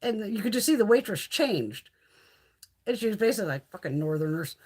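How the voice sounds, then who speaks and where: A woman from the Northeastern US hosting a livestream, chatting casually in a blunt, profane, animated way. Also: fairly high pitch, a little fast, husky. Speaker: livestream host.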